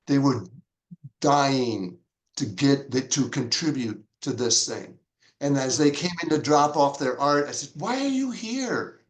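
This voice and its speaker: A man, a pastor, telling stories in an interview with a fairly high voice that leaps about as he acts out other people's words. The recording sounds roomy and echoey. He speaks in a lively, conversational way. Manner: animated, acts out quoted dialogue with big pitch jumps. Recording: echoey room.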